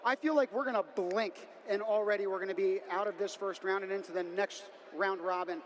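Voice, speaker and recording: A man commentating a robotics competition live from a booth, talking fast and hyped like an announcer. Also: high-pitched, fairly even intonation. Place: commentary booth in a noisy arena.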